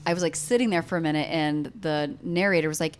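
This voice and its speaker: A woman's voice: low-pitched, fairly even intonation, fast talker, slight background noise. A woman co-hosting a podcast in casual chat, often reacting with short responses. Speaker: podcast co-host.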